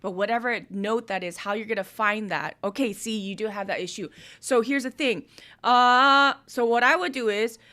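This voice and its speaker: A woman's voice: medium pitch, brisk, few pauses, a bit bright. A woman hosting a live-stream music review, coaching an artist with technical notes on vocals and production. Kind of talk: live-stream feedback on submitted songs.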